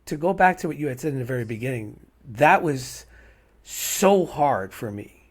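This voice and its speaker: A man's voice: mid-range voice, animated, normal speed, husky. A middle-aged man from hosting a podcast in casual, heartfelt conversation, rambling and asking "right?" again and again. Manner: rambling, repeats "right?" often. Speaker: podcast host.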